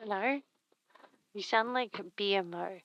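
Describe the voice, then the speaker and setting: A woman's voice: mid-range voice, takes it slowly, dull audio. A woman streamer chatting casually while she crafts, murmuring to herself and reading chat aloud on a very sensitive close mic.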